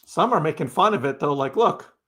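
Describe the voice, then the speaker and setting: Fast and forceful, his bright voice is a little high and slightly rough, with lively intonation. He's hosting an informal crypto livestream, chatting, repeating phrases, ending lines with "right?" and responding to viewers in chat.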